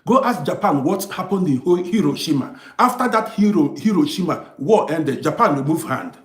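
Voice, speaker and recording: Man livestreaming a heated rant, high voice with big swings, echoey room. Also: animated, moderate pace. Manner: lecturing, repetitive, emphatic. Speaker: live streamer reading comments. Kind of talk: heated monologue to viewers.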